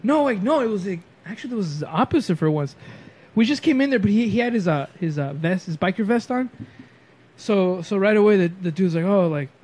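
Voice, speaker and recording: High-voiced man telling a wild story. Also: brisk, slightly rough. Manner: animated, profane, acts out quotes. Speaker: podcast guest. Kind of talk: casual storytelling.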